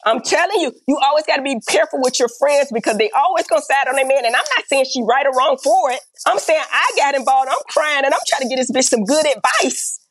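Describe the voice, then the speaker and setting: A woman's voice: high-pitched, quick pace, few pauses. A middle-aged woman telling stories bluntly in an interview, acting out the dialogue and often asking "right?". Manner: blunt and animated, acts out quoted dialogue, peppers talk with "right?". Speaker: reality TV star and podcast guest. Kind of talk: candid interview storytelling.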